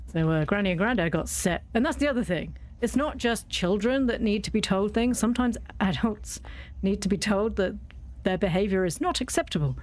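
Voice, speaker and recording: A woman's voice: medium pitch, expressive, brisk, a little mellow. A woman with a British accent, bluntly ranting and swearing freely while chatting over a game. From Britain. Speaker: YouTuber playing a game. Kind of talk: casual gameplay commentary.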